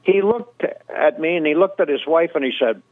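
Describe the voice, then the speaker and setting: A man's voice: a little high, moderate pace, no room sound. An older man from Canada, a guest impressionist, telling anecdotes in an interview in an easygoing way with many fillers. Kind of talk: storytelling interview. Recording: dry tinny phone-like line.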